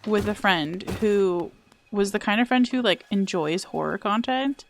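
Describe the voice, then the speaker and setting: A woman's voice: mid-range voice, expressive, measured pace, a little hiss or hum. A young woman chatting casually while streaming a video game, wry and self-mocking, with some swearing. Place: home room.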